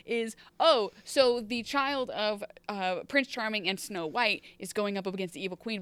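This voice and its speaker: A woman co-hosting a podcast who talks in long, rambling runs and cuts into her own sentences. Her tone is wry and emotional. Her voice is smooth and clear, and the recording is close and dry. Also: medium pitch, a bit bright, no room sound. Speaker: podcast co-host recapping a TV episode. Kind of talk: casual chat.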